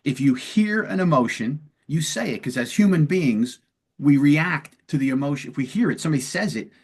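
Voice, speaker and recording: A man's voice: fairly high pitch, lively intonation, normal speed, slightly rough. A man hosting a long-form interview, explaining de-escalation techniques in a conversational way and acting out short example dialogues. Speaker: podcast host and police lieutenant.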